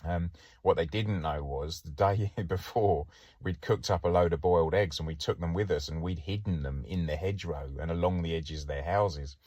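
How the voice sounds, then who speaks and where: Man, very deep voice, casual storytelling, dry close sound, wry and chatty. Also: normal speed, a little mellow, dry recording, muffled recording. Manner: chatty, wry, laughs through his stories. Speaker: podcast host and former police diver.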